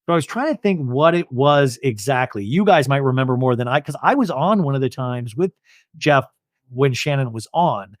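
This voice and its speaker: A man's voice: mid-range voice, expressive, normal speed, dry recording, studio quality. A young man hosting a podcast, chatting in a gossipy, tired way. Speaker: podcast host. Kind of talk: casual chat.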